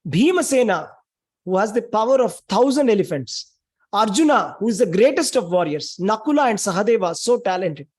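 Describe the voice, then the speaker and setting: Husky-voiced man telling a sacred story. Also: high voice, big pitch swings, brisk, a little mellow. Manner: emphatic, dramatic storytelling with heavy repetition. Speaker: spiritual speaker. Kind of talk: sermon retelling a scripture story.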